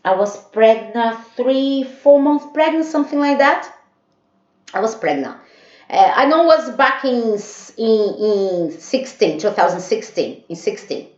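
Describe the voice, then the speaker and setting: Woman vlogger, slow rambling storyteller; roomy, muffled home recording. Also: on the high side, expressive, darkish tone. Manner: rambling, repeats herself. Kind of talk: casual storytelling to camera. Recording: dull echoey room.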